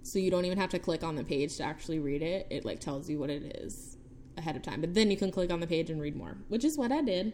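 A woman's voice: deep voice, animated, quick pace, a little mellow, slight background noise. A young woman co-hosting a casual podcast, chatty, laughing often and filling her sentences with ums and likes. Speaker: podcast co-host, case presenter.

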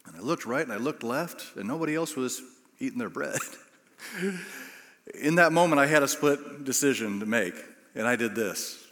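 A man's voice: medium pitch, expressive, normal speed, a bit bright. A middle-aged man preaching a sermon, telling self-deprecating stories and acting out the quotes. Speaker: pastor. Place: large church auditorium. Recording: long hall reverb.

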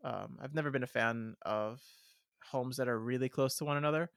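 A man co-hosting a casual podcast, talking in a wry, slightly theatrical way. His voice sits at an ordinary middle pitch. It is recorded close and dry, with no room around it. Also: a little fast, gravelly, fairly bright tone, no room sound. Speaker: podcast co-host. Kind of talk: casual chat.

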